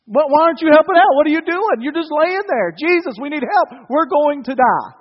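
Preacher doing panicked storm-tossed fishermen, high and shouting, echoey hall. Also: male voice, animated, fairly quick. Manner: frantic, pleading shouts. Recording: dull sound in a reverberant hall.

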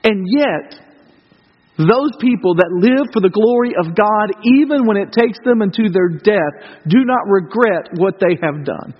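American male pastor, sermon, conversational with rhetorical questions; high voice, dull muffled sound. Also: animated, measured pace, husky, big-room sound. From United States. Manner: conversational, rhetorical questions, swings from loud to hushed.

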